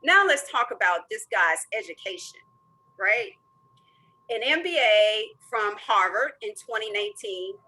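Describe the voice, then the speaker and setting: Bright, energetic woman moderator. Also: medium pitch, measured pace, rough recording. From American South. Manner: energetic, enthusiastic. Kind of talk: webinar moderating, introducing a guest.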